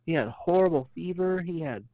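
A man's voice: on the high side, brisk, dark tone, no room sound, rough recording. A man from Utah co-hosting a podcast, chatting casually in a laid-back way with plenty of fillers. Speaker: podcast co-host. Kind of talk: casual chat.

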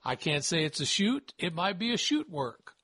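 Lively joking male podcast host. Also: high voice, normal speed, slightly rough. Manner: lively, joking, stammers now and then. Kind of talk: casual chat.

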